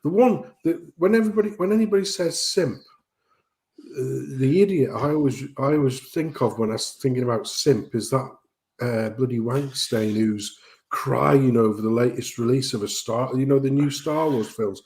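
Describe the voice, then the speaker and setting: A man co-hosting a casual stream chat, ranting and swearing in an animated way. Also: medium pitch, moderate pace. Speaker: stream co-host.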